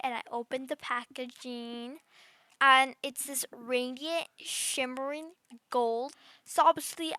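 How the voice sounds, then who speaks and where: Lady playing a snotty little kid, bright sharp voice, rambly and smug, dry close mic. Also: sits high, smooth, dry recording. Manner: rambling storyteller, constant "like" fillers; smug, gleeful. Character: bratty rude girl under ten. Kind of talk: voice role-play storytime.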